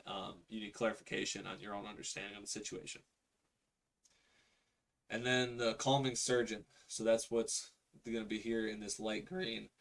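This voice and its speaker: A man's voice: on the low side, steady tone, moderate pace, creaky, a bit bright. A man teaching real estate sales calls in a casual way, reading through a script on screen and acting out the sample call lines. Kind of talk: instructional screen walkthrough.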